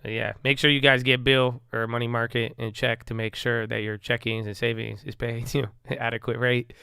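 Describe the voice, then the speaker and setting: A man's voice: mid-range voice, little pitch movement, normal speed, gravelly, pushed and bright, clear, resonant tone, no echo, studio quality. A man casually talking through stock moves on a livestream, rambling and joking, often trailing off into mumbles. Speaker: stock market livestream host. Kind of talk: casual live market commentary.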